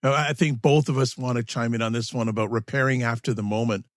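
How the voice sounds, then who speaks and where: A man with a mid-pitched voice co-hosts a casual fatherhood talk. He speaks in an affirming tone and sometimes clips his words and restarts them. The recording is dry and close. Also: fairly even intonation, fast talker, dry recording. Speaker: podcast co-host. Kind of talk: casual parenting advice chat.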